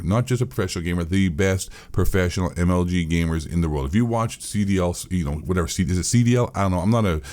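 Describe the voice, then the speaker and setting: A man's voice: sits low, darkish tone. A man giving a profane, mocking, rambling rant as a gaming commentator. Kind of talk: ranting commentary.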